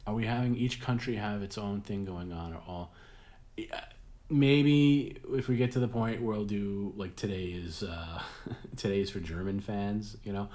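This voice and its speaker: A man with a notably low voice hosts a casual late-night stream. He rambles, restarts his sentences and chuckles at his own jokes. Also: moderate pace, a little mellow. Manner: rambling, repeats words, laughs at own jokes. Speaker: host.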